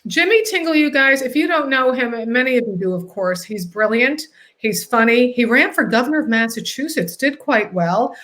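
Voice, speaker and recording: A woman hosting a casual interview, telling stories in a lively way and acting out what people said. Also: on the high side, normal speed. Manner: animated storyteller, acts out quotes. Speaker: host.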